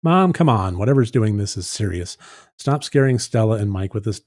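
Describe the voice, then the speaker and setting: A man's voice: lowish voice, animated, normal speed, darkish tone, close to an everyday voice. A man doing a sulky exasperated young daughter.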